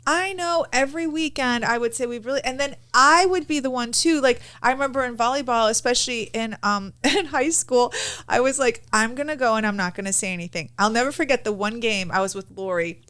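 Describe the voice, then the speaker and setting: High-voiced chatty mom. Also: female voice, brisk, fairly bright tone, clean tone. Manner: chatty, full of "like", self-mocking. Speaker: podcast co-host, mother. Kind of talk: casual family chat.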